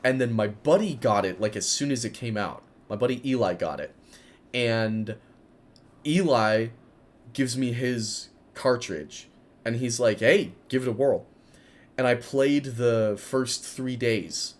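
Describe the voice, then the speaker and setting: A man in his twenties telling a rambling story while commenting on his own gameplay, chatty and excitable, breaking off to react loudly. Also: medium pitch, measured pace. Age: 20s. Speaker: gaming video creator.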